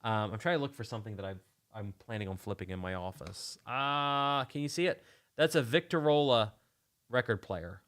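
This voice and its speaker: A man's voice: medium pitch, normal speed, fairly bright tone. A man hosting a casual livestream, talking in a rambling, enthusiastic way with many restarts. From United States. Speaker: channel host.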